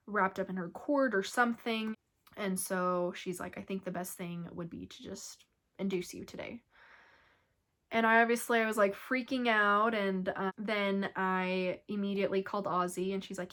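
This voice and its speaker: Young woman vlogger, chatty storyteller, mid-pitched voice, lots of "like". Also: fairly bright tone. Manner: chatty, heavy use of "like", acts out quoted voices. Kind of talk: casual storytelling.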